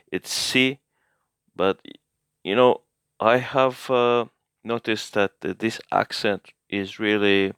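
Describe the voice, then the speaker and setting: A man's voice: low-pitched, gravelly, clean tone, no room sound, clean studio sound. A man giving a casual language lesson recap, explaining hesitantly as he thinks aloud and corrects himself. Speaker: language learner teaching a recap.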